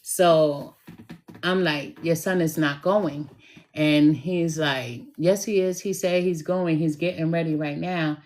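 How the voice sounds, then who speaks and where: Middle-aged woman, low voice, unhurried, chatty storytelling, lots of fillers. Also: steady tone, a little mellow. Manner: chatty, retells dialogue, frequent fillers. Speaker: tarot reader. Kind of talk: casual storytelling monologue.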